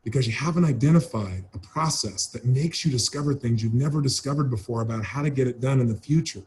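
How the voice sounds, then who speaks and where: A man's voice: mid-range voice, quick pace, a little mellow. A man giving a motivational seminar talk, speaking emphatically and dramatically, repeating phrases for effect. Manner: dramatic, acts out voices of people he describes.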